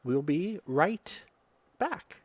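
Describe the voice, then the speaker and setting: A man's voice: fairly high pitch, very animated, very slow, slight background noise. A man playing a tabletop game in casual chat, rambling with many fillers and restarts as he describes his character's scene.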